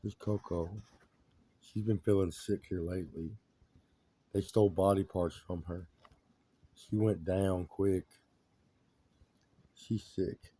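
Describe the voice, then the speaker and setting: A man's voice: low voice, steady tone, slow pace, pauses often, warm tone, breathy edge. A man in a rambling, agitated monologue who repeats his complaints emphatically.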